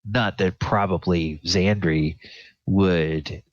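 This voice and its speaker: A man narrating as game master, slow and searching with many fillers. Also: sits low, fairly even intonation, no echo. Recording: dull lo-fi audio.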